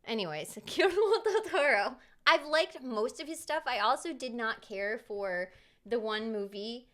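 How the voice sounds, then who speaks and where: A woman streamer telling a story in casual chat, in an animated, chatty way. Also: a little high, a little slow.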